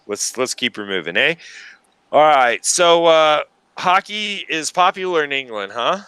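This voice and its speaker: A man hosting a casual chat interview, teasing his guest with wry jokes. His voice is bright and crisp, recorded dry and close with no room sound. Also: on the high side, animated, a little slow, no echo. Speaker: interview host.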